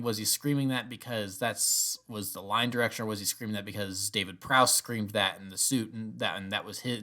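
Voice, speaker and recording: A young man giving a casual spoken review, animated and rambling, often restarting his sentences. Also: lowish voice. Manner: acts out quoted lines in bursts. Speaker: video reviewer.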